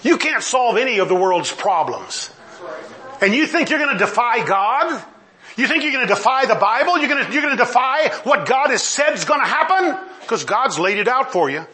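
A man's voice: very high-pitched, big pitch swings, moderate pace, bright, forceful tone. A middle-aged man preaching a sermon, emphatic, firing off mocking rhetorical questions and laughing often. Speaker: pastor.

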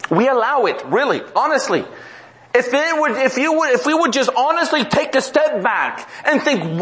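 A middle-aged man pastor preaching a humorous, animated sermon, repeating himself and dropping low and slow for emphasis.

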